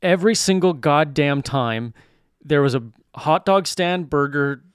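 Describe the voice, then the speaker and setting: A man trades casual banter on a podcast, his voice sitting fairly high. He laughs hard at his own stories and swears freely. The sound is dry and close, with no room around it. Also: lively intonation, unhurried, clean tone, no echo. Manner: laughs often and hard mid-story; swearing, rambling. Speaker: podcast co-host.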